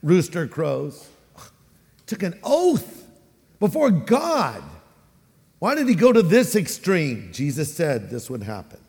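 A man with a Californian accent preaching a sermon as a pastor, animated and acting out the voices he quotes. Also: on the high side, takes it slowly, gravelly, long pauses, big-room sound.

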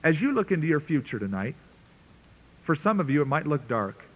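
With a slightly high, sing-song voice and a somewhat quick pace, a pastor gives an earnest, conversational sermon dotted with emphatic asides. The audio has the tinny, narrow-band quality of a radio broadcast.

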